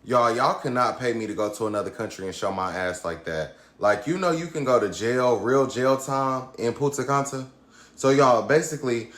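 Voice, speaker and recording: A man with a bright, forceful voice tells a story in a relaxed, slangy way. He talks straight to his viewers and keeps calling them y'all. It sounds like a casual story time. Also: lowish voice. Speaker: storyteller in a clip.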